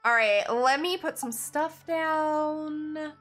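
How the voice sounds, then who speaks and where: A woman's voice: high-pitched, slow, fairly bright tone, soft background music. A young woman casually talking through a game as she plays, thinking aloud and chatting to viewers. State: has the hiccups. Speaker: gaming channel host. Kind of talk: casual gameplay commentary.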